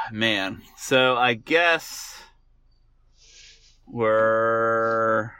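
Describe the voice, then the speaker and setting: A man's voice: on the low side, animated, extremely slow, bright, forceful tone, clear, resonant tone, dry recording. A man co-hosting a casual podcast chat, easygoing and agreeable, often trailing off with fillers. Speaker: podcast co-host.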